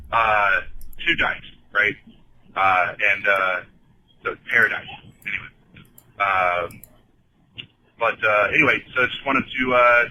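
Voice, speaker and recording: Bright-voiced rambling man calling in. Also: mid-range voice, slight background noise, poor audio. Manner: rambling, hesitant, full of fillers. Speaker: caller. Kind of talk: casual call-in chat.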